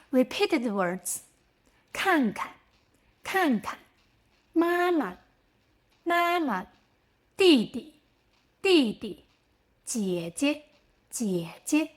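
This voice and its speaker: Slow, clear Mandarin-native woman teacher. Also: fairly high pitch. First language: Mandarin Chinese. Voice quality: small grammar slips in English. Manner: slow, clear, demonstrates each sound twice. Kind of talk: scripted pronunciation lesson.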